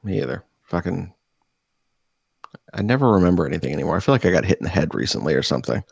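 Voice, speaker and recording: Deep-voiced young man, swearing storyteller. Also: lively intonation, fast, gravelly, a little mellow, breathy edge, no room sound, highs cut off. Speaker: podcast co-host. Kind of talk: casual podcast chat.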